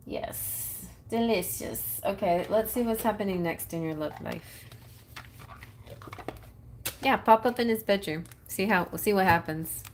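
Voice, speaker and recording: A woman's voice: mid-range voice, unhurried, slight background noise. A woman giving tarot readings on a live stream, reading messages aloud in a playful, giggly way. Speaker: tarot reader.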